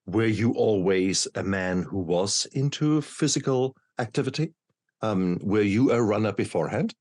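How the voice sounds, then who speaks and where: A man's voice: on the low side, animated, moderate pace, darkish tone, no echo, clean studio sound. A man hosting a podcast, asking thoughtful, wandering questions. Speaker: podcast host. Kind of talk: interview questions.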